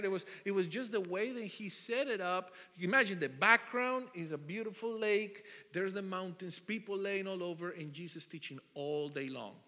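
A man preaching a sermon, telling the story in an animated way, asking the congregation questions and often restarting his sentences. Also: high-pitched. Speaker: pastor. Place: church hall. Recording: long hall reverb.

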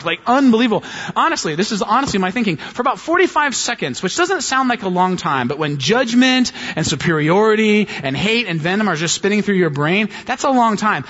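Animated pastor preaching in a reverberant hall. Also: male voice. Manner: animated storyteller, mimics high voices in quotes. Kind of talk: sermon with storytelling. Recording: dull audio with long hall reverb.

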